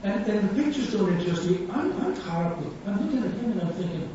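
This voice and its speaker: A man preaching a sermon, telling stories with animated quotes and frequent laughter. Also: high-pitched, quick pace, hardly any pauses, slight background noise. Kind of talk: sermon with storytelling. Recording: echoey distant hall sound, dull.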